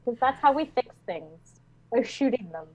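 A woman scientist riffing on a movie in casual chat, animated and quick to laugh and exclaim. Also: on the high side, highs cut off. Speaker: scientist guest.

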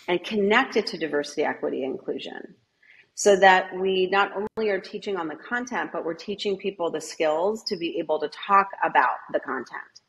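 A woman's voice: fairly low pitch, a bit bright, poor audio. A middle-aged woman and author, talking casually in an interview and acting out bits of classroom dialogue. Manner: conversational, many fillers and quick asides. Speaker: author and educator guest.

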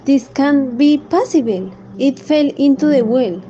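A woman with a high but mellow voice gives sympathetic, wondering commentary in a scripted stage piece. The recording is dull and lo-fi, with faint music behind her. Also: measured pace. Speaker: onstage commentator.

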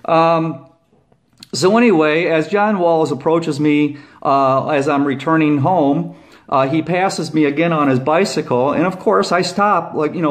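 A middle-aged man, a former police officer, telling a long rambling story to camera, repeating "okay?" and "I said" and raising his voice when he acts out his own past shouts. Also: on the high side, measured pace. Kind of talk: casual monologue to camera.

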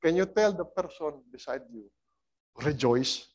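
A man preaching a sermon as a guest speaker, swinging between loud and soft and getting the congregation to join in. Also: fairly high pitch, animated, measured pace, highs cut off.

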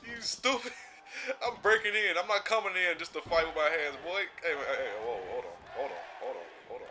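A young man giving casual gameplay commentary, excitable and trash-talking, often laughing. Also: a little high, a little fast, a little hiss or hum. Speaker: gaming channel host.

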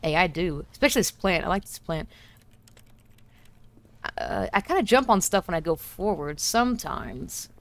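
A woman's voice: lowish voice, lively intonation, moderate pace, long pauses. A woman chatting casually and joking as she streams a game from home. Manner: chatty, joking to herself and chat. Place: home room.

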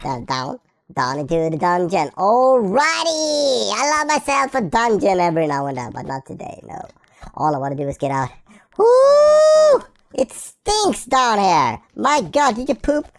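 A woman voicing a hyper, silly young female puppy while playing a video game, excitable and goofy, jumping between squeals and low mutters. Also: moderate pace, dry recording. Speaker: gameplay commentator. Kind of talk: playful in-character game commentary.

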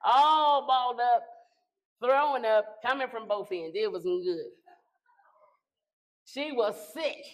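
A middle-aged woman pastor preaching a sermon, building to shouted declarations and prayers. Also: a little high, slow pace, long pauses, low-quality recording.

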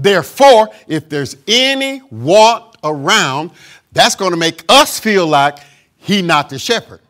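A man's voice: sits high, lively intonation, a little slow, a bit bright. A man preaching a sermon as pastor, emphatic, with call-and-response asides and acted-out voices of doubters. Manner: acts out quoted voices of doubters.

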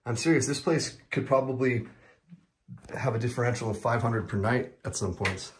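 A man from the United States vlogging a casual walk-through of a big rental house, chatty and excitable, talking to viewers as guys and breathing a little heavily. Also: mid-range voice, normal speed, husky. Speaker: vlogger giving a house tour. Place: large rental house indoors.

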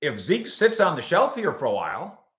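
A man hosts a live sports call-in show with a bright, lively voice that jumps around in pitch. He answers viewer comments with quick wisecracks. The sound bounces around an echoey room.

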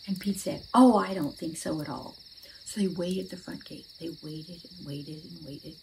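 A woman telling a children's Bible story aloud, asking her listeners questions and acting out the characters' shouts. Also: lowish voice, normal speed, vocal fry, a little hiss or hum, low-quality recording.

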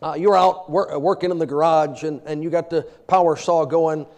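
A man with a fairly high pitch talks fairly quickly as he preaches. His sermon is lighthearted and animated, with everyday stories, lots of laughing, and old-fashioned scripture quotes.

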